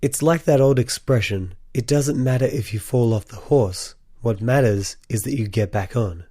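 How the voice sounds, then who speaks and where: A man's voice: mid-range voice, moderate pace, warm tone, no room sound, studio quality. A man hosting a solo podcast, speaking earnestly and encouragingly to his listeners in a voice still sick from a cold. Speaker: podcast host.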